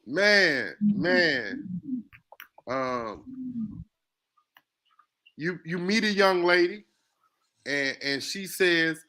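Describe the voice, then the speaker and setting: High bright-voiced animated man. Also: slow pace, long pauses. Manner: animated, poses scenarios, jokey asides. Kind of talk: casual discussion.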